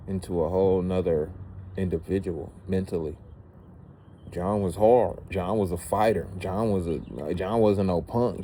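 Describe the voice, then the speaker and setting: A man's voice: low voice, dark tone, a little hiss or hum. A man speaking in an emotional, rambling personal monologue, repeating words for emphasis. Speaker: vlogger.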